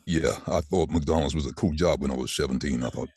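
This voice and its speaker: Brief: man, 60s, extremely low husky voice, dry close mic, animated storyteller who mimics others. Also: brisk, dry recording. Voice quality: deep voice. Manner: animated, acts out quoted voices. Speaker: voice actor guest. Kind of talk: casual interview storytelling.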